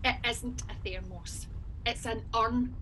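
Jackie, a frazzled Scottish passenger. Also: female voice, a little high, steady tone, slow pace, background noise. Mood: weary. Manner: tearful, flustered, snappish. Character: frazzled woman passenger, nervy and defensive. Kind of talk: audio drama acting.

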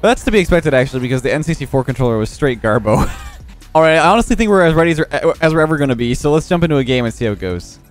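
Excitable young man commentating gameplay. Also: on the high side, very fast, soft background music. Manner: excitable, laughing, frequent exclamations. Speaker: gaming YouTuber.

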